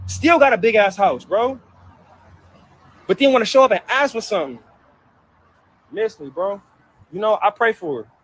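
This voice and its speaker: A man's voice: high voice, lively intonation, moderate pace, long pauses, fairly bright tone, husky. A man vlogging, hurt and upset, venting about family in heated, profane outbursts that keep circling back. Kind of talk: emotional personal venting to camera.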